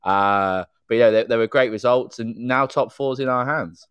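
A man's voice: mid-range voice, moderate pace, fairly bright tone, clear, resonant tone, no echo, lo-fi sound. A man co-hosting a casual podcast chat, talking freely and filling with "you know". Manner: chatty, strings thoughts with "you know". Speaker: podcast co-host.

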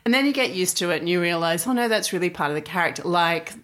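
A woman co-hosting a pop culture podcast in a relaxed, wry tone. Her voice sits a little low, and she laughs along with her co-host. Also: fast talker. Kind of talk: casual pop culture chat.

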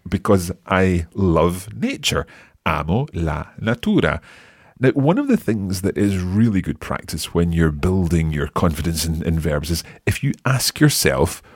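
A man hosting a podcast language lesson, modelling phrases slowly and patiently for a learner. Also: sits low, very animated, a little mellow, slightly rough, dry recording, studio quality. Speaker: language teacher and host.

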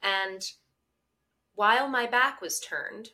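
A woman co-hosting a podcast, telling a story in a casual, animated way with a mounting sense of outrage. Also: on the high side, slow pace. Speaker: podcast co-host.

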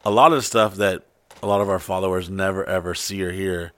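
A man in casual podcast chat, telling rambling stories packed with swearing. He keeps jumping into loud, high-pitched voices to act out the people in them. The sound is dry and close. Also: brisk, no room sound. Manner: animated storyteller, acts out quoted people in loud high voices; frequent swearing. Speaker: podcast co-host.

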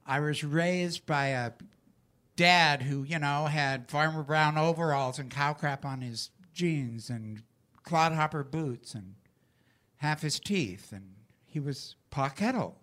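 A man's voice: a little high, takes it slowly, a bit bright. An older man, a rural-raised singer-songwriter, telling folksy stories in an interview, emotional and often laughing. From rural United States. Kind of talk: storytelling interview.

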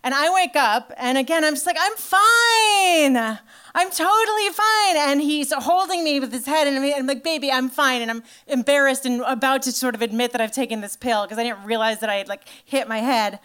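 A woman telling a story in a stand-up comedy set, chatty and animated, full of "like" and swearing. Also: high voice, fast, hardly any pauses, clean tone. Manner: animated storytelling to a live audience.

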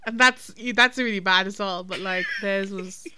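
A woman's voice: medium pitch, moderate pace, sharp tone, slight background noise. A woman co-hosting a casual film-review podcast, talking in a chatty, hesitant way with many ums and restarts. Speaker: podcast co-host.

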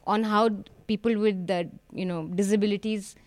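A woman, mid-pitched, talks through a news item on a podcast in a conversational, disbelieving way. The sound is dry and close-miked. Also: steady tone, normal speed, a little mellow, dry recording. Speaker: podcast panelist. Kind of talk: casual panel chat.

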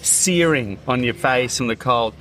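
A man's voice: medium pitch, unhurried, a bit bright, slight background noise. A man, a comedian and podcast guest, telling vivid, theatrical food stories in casual chat.

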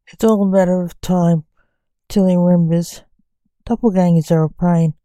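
A woman's voice: lowish voice, steady tone, moderate pace, warm tone, dry recording, natural voice. A woman voicing a scared young male magician, the reaper king's son, speaking timidly and reluctantly.

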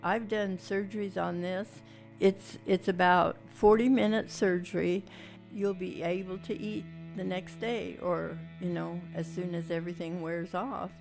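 A woman's voice: lowish voice, steady tone, unhurried, creaky, a little mellow, soft background music. An older woman recounting a personal story in an interview, rambling and acting out what each person said. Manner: rambling, acts out quoted dialogue. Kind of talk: oral history storytelling.

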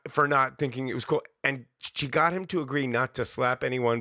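A man's voice: mid-range voice, gravelly, fairly bright tone, no room sound, clean studio sound. A man hosting a podcast, talking in a chatty, self-deprecating way and laughing often. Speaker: podcast host. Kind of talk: casual conversation.

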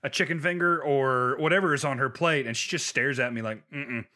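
A man's voice: medium pitch, fairly quick, sharp tone. A man in his thirties, a podcast co-host, telling stories in casual chat and laughing often. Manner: storytelling, laughs often, acts out voices.

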